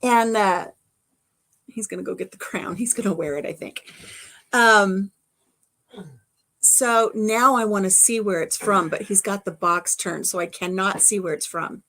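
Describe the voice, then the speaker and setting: A woman co-hosting a casual home livestream, chatting and telling stories with lively acted-out quotes. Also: mid-range voice, measured pace. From Arkansas. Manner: chatty, animated, acts out quotes. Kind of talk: casual storytelling chat.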